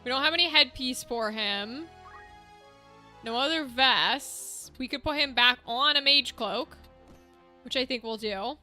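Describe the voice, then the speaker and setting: A woman's voice: sits high, measured pace, pushed and bright. A young woman streaming a video game, chatting casually with viewers and thinking aloud as she sorts gear. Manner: chatty, thinks aloud while managing equipment. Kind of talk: casual gameplay chat with viewers. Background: game music.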